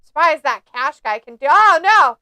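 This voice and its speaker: A woman's voice: high voice, lively intonation, moderate pace, sharp tone, no room sound. A woman casually commenting on a wrestling match during a live stream, joking and mocking the wrestlers. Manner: snarky, jokey, mocking the wrestlers. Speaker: watch-along host.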